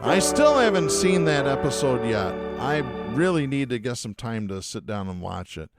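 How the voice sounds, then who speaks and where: A man with a high, smooth and clean voice reads news stories on his podcast. He stops to add sarcastic, indignant remarks of his own. The sound is dry and close, with no room around it. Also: no room sound. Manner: sarcastic, indignant asides between read stories. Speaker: podcast host. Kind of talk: reading news stories with commentary.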